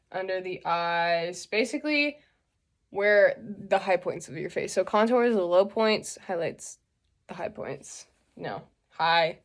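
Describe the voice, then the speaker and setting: A young woman hosting a casual makeup tutorial, chatty and joking as she explains each step. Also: lowish voice.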